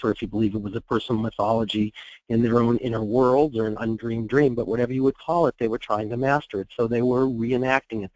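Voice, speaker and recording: A man's voice: medium pitch, no room sound. Man telling a case story, dull dry sound. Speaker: therapist presenting a case. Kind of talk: conference talk, case storytelling.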